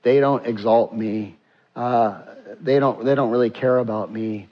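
A man preaching a sermon, reading scripture slowly with rises in intensity and drops to a near hush. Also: medium pitch, steady tone, highs cut off. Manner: reads scripture slowly, rising then dropping to a hush. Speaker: pastor.

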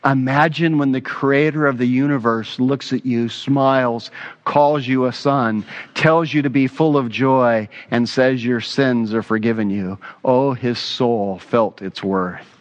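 A man preaching a sermon as pastor, telling stories in an earnest, animated way with casual asides. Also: medium pitch, unhurried, dull audio.

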